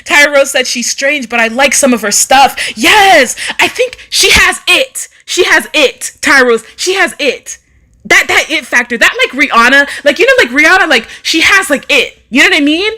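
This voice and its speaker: A woman's voice: sits high, lively intonation, normal speed, sharp tone. A woman hosting a casual live stream, reading viewer comments and chatting in an emphatic way, often repeating phrases for effect. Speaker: livestream host.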